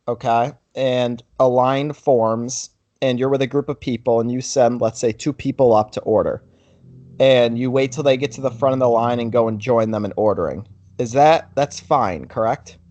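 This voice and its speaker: A man's voice: medium pitch, moderate pace, darkish tone, no room sound, highs cut off. A young man hosting a podcast, telling a story casually in a rambling way, full of "like". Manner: rambling storyteller, heavy use of "like". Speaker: podcast host.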